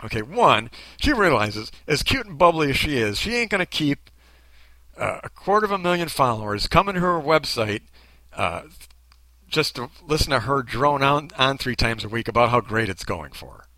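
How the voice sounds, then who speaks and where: A man's voice: medium pitch, very animated, normal speed, bright, forceful tone, dry recording. A man giving sarcastic, mocking commentary on a video he is reacting to. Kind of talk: critical commentary.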